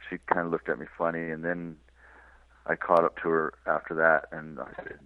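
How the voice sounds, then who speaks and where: A man from California, a touring cyclist, telling his road stories on a radio interview in a relaxed, rambling way. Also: extremely low pitch, moderate pace, no room sound. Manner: relaxed rambling storyteller with restarts and small laughs. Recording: tinny dry phone line.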